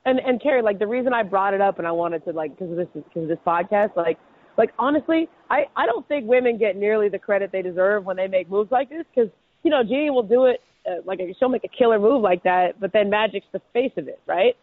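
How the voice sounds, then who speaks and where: A woman's voice: mid-range voice, animated, fast talker, no room sound. A woman calling in as a guest, chatting casually about sports in a persuasive way, with lots of "like" and "you know". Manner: chatty, filler-heavy, persuasive. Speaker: guest reporter. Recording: tinny phone line.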